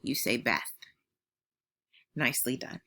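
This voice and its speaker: A woman teacher giving a phonics lesson to young children at home, modeling sounds slowly and praising them patiently. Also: rumbling low, animated, gravelly, pushed and bright, husky.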